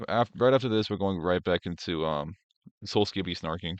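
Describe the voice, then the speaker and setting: A young man with a very low, deep voice, talking loosely and profanely as he reacts on a livestream. He rambles and fills gaps with "um" and "like". The audio is dry and a bit dull, like a lo-fi desk mic. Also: normal speed, smooth, no echo. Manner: rambling, profane, mocking, with filler words. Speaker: streamer host. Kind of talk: casual reaction stream commentary.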